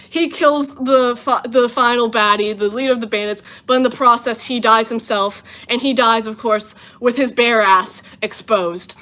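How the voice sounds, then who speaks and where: A woman in her twenties hosting a home livestream, casually recapping a film with animated storytelling and voiced asides, tired and running on little sleep. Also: fairly high pitch. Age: 20s. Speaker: livestream host.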